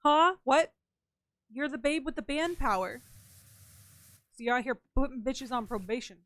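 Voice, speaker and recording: A woman's voice: high-pitched, moderate pace, pauses often, a bit bright, no echo. A young woman streaming a game and chatting casually, talking freely, swearing, and answering her chat. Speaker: gaming streamer.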